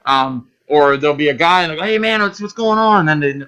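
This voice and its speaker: A man with a high, bright voice that swoops up and down as he talks. He tells stories in casual chat, bluntly and with swearing, and acts out the people in them. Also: brisk, clean tone. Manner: animated, acts out voices in his stories, laughs loudly. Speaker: guest.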